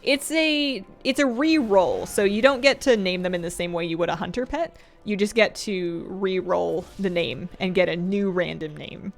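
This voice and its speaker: A woman's voice: mid-range voice, moderate pace, creaky, hardly any pauses, faint music behind. Playful woman chatting while gaming. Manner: rambling and playful, laughs often, answers chat. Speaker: game streamer. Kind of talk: casual live-stream gameplay chat.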